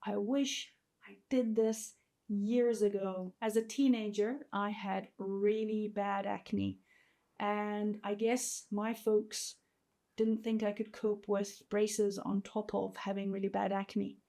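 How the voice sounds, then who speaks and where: A woman's voice: medium pitch, flat delivery, slow, vocal fry, mellow. A woman in her fifties speaking candidly and from the heart in a personal video diary. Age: 50s. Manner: candid and heartfelt, openly emotional. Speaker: vlogger.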